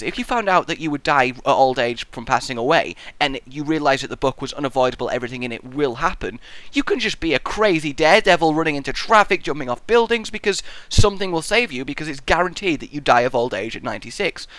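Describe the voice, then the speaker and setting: A man rambles jokily through viewer questions in a casual vlog. His voice is bright and edgy, and his pitch swoops around animatedly. The close mic sounds dry, with no room around it. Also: expressive, fast, hardly any pauses, dry recording. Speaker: YouTube host.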